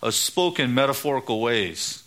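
Middle-aged pastor guy preaching, bright forceful tone, gets loud and high on the big points. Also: lively intonation, moderate pace. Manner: emphatic, rises in pitch on key points. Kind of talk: sermon.

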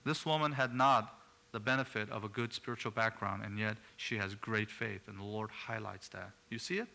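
Gravelly guy preaching, earnest, gets loud and punchy at times. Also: on the low side, steady tone, normal speed. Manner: earnest, rising to emphatic bursts. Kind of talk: sermon.

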